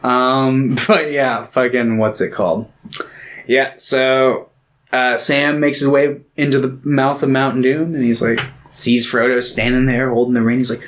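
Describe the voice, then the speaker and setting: A man's voice: medium pitch, little pitch movement, unhurried, a bit bright. A young man co-hosting a casual podcast chat, telling stories animatedly, swearing and acting out quotes. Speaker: podcast co-host.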